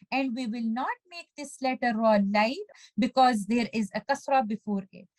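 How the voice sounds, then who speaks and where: A woman's high, clear teaching voice walks through recitation rules with patient care. She is methodical, slowing down to spell out sounds syllable by syllable. The recording is close and dry, with no room around her. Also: no room sound, rough recording. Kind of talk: step-by-step tajweed lesson with recited examples.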